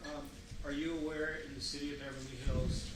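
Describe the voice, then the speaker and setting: A man cross-examining a witness in court, pressing her with deliberate yes-or-no questions. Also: fairly high pitch, little pitch movement. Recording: distant echoey courtroom mic with noise.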